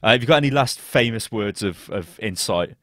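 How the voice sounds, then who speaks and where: A man's voice: lowish voice, expressive, brisk, crowd noise. A man co-hosting a gaming podcast, chatting casually with laughs and swearing. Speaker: podcast co-host.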